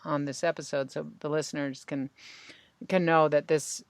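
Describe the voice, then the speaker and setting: A low-pitched woman, hosting a podcast as a tapping practitioner, speaks at a moderate pace while calmly taking her guest through tapping points and phrases to repeat. There's no room sound.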